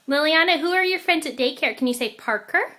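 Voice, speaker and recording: A mother patiently coaxing her toddler to repeat words, saying each one slowly and clearly at home. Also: high voice, animated, pushed and bright. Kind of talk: coaching a toddler to speak at home.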